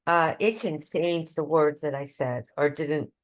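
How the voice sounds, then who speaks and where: Slow, low-voiced woman in a class. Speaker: class participant. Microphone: video call with bad connection.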